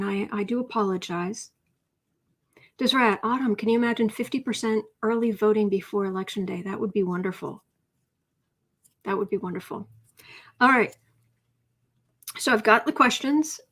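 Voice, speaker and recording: A woman's voice: on the high side, fairly bright tone, breathy edge. A woman chatting casually on her live stream at home, laughing often and cooing at her cat.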